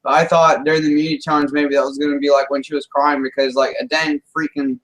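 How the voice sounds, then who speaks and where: Give me a teasing, jokey man who laughs a lot and sits a little high. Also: level tone, quick pace, a bit bright, poor audio. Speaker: podcast co-host. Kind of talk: casual chat.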